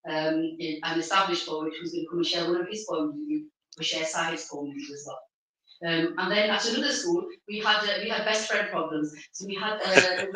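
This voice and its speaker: A woman hosting a live community event, speaking to an audience at a venue through a stand microphone, pausing often with fillers and restarts. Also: fairly low pitch, fairly bright tone. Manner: halting, with many fillers and restarts. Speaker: event organizer and host. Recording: very echoey hall, mic far off.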